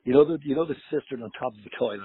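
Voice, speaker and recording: A man's voice: mid-range voice, very fast, a crowd in the background. A man, a guest musician, telling a story casually and animatedly, with cursing and acted-out dialogue. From Ireland. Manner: animated, profane, acts out dialogue. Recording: tinny phone-like line.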